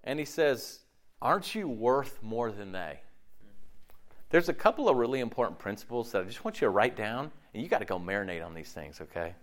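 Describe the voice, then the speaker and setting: A man's voice: on the low side, a little fast. A man preaching a sermon in a conversational style, often checking in with the listeners and acting out his own inner dialogue. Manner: animated, conversational preaching with frequent "okay?" check-ins; acts out inner dialogue in shifting voices. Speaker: pastor.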